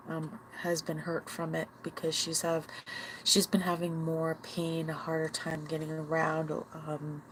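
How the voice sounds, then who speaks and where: A woman's voice: low voice, background noise. A woman hosting a livestream, venting bluntly and with profanity to her viewers, with sighs and short laughs. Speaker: livestream host.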